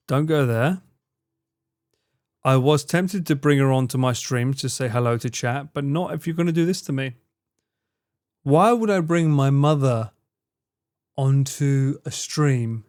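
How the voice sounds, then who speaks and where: A man's voice: mid-range voice, measured pace, pauses often, a little mellow, no room sound, studio quality. A young man streaming live, chatting with his viewers in a teasing, mock-outraged way and swearing freely. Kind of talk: casual live-stream chat.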